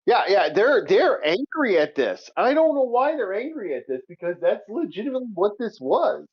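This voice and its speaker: A man chatting casually as a co-host, rambling and excitable, full of restarts and swearing. His voice sits a bit high. The recording is somewhat muffled and lo-fi. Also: normal speed. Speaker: podcast co-host. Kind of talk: casual chat. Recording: muffled lo-fi audio.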